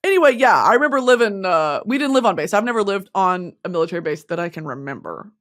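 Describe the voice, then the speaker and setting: A woman's voice: medium pitch, expressive, fast. A young woman from the United States hosting a podcast, rambling through a profane, jokey monologue. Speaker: podcast host. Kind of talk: casual comedic monologue.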